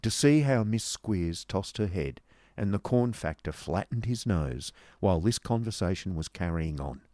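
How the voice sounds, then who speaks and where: A man narrating a classic novel as an audiobook, in an expressive storytelling manner. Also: deep voice, normal speed, no echo.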